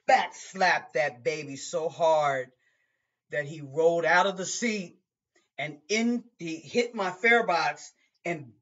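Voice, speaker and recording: A man, a bus driver, telling a personal story in an emotional, halting way with many restarts. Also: sits high, a bit bright. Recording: dull lo-fi sound.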